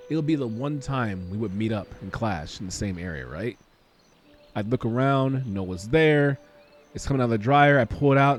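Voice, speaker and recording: A man's voice: mid-range voice, darkish tone. A young man casually commenting while playing a game, rambling and joking through a long story. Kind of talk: casual let's-play commentary.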